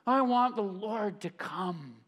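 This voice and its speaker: A male pastor preaches a live sermon in a church, swinging his pitch up and down as he tells a Bible story. He slips into casual voices for its characters and reads scripture more slowly and quietly. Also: animated. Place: church sanctuary, live congregation.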